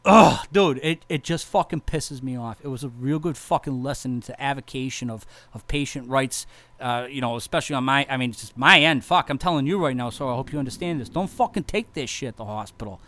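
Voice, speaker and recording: A man's voice: medium pitch, a little fast, fairly bright tone. A man telling a personal story in a casual, profane, rambling monologue.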